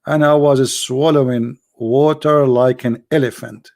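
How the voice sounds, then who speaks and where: Creaky-voiced man hosting a livestream. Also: medium pitch, a little slow. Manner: animated storyteller in non-native broken English. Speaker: livestream host. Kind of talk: casual livestream chat.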